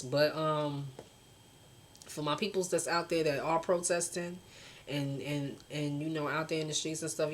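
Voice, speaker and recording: A woman's voice: sits low, fairly bright tone, a little hiss or hum. A young woman, venting bluntly and passionately in a casual vlog, swearing often and talking straight to her viewers. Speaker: vlogger.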